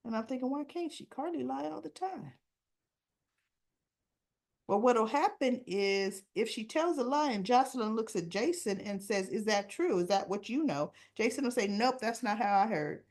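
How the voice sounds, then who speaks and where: A woman's voice: a little high, lively intonation, moderate pace, few pauses, darkish tone. Chatty woman recapping a soap episode. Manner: chatty, acts out character lines in quotes, laughs and asides. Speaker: soap opera recap host. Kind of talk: casual spoken recap.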